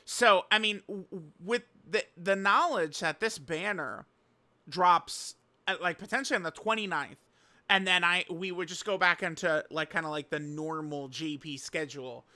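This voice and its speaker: A man's voice: high-pitched, normal speed, bright, forceful tone. A young man casually commenting on mobile game news, rambling with lots of fillers and slang.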